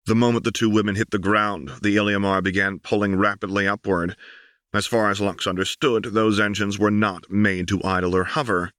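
A male audiobook narrator with a lowish, bright, forward voice reads the story in a measured, deliberate way. The sound is dry and close, with no room around it. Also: flat delivery, clear, resonant tone, no echo. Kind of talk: scripted narration of fan fiction.

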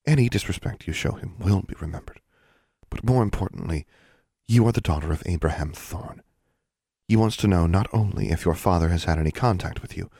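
A man voicing a stern female school dean in an audiobook, speaking quietly and earnestly. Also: low-pitched, slightly rough, no room sound, clean studio sound.

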